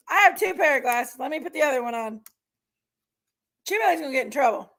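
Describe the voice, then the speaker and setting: A chatty woman hosts a casual livestream, greeting viewers by name and laughing easily. Her voice sits high and bright in pitch. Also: a little fast. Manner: chatty, reads viewer names aloud and laughs often. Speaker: livestream host.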